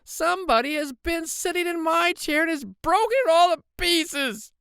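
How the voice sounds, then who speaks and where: A man voicing a small, shrill young boy bear cub in a storybook reading, squealing and loud. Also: animated, moderate pace, creaky, dry recording, clean studio sound, exaggerated voice. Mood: indignant.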